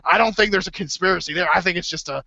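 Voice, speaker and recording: Man impersonating a gravelly blustering conspiracy host. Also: sits high, racing, pushed and bright, no room sound, full character voice. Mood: rambling. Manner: rambling, stammering, self-correcting rants. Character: blustering middle-aged male conspiracy radio host. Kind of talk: improvised comedy impression. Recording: dull lo-fi stream audio.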